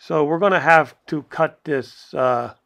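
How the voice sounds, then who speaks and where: A man's voice: a little high, a little slow, gravelly, a bit bright, lo-fi sound. A man giving a casual, rambling movie review from home, chuckling often and wandering into asides. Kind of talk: casual video review commentary.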